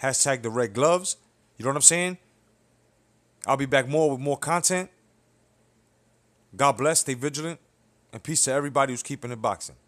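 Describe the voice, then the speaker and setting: A man's voice: mid-range voice, normal speed, pauses often, fairly bright tone. A young man who hosts a boxing commentary channel, delivering a blunt, heated, profanity-filled rant that keeps checking in with "you know what I'm saying". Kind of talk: profane ranting opinion video.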